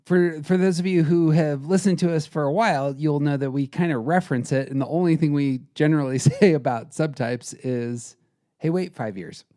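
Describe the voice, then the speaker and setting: A man co-hosting a podcast, talking in an earnest, relaxed conversational way. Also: on the high side, normal speed. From Colorado. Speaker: podcast co-host. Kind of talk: casual podcast chat.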